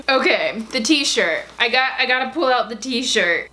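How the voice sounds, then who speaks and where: A woman with a slightly high voice hosts a casual unboxing vlog. She talks in a gushing, excitable way, gasping and squealing as she goes. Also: moderate pace, hardly any pauses. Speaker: YouTube unboxing host.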